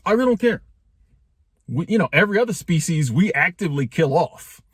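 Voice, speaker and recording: A man's voice: a little high, sing-song, fairly quick, husky, no echo, clean studio sound. A man in his forties talking casually in a joking, conversational way, full of slang and asides to his viewers. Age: 40s. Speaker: vlogger. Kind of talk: casual talking-head monologue.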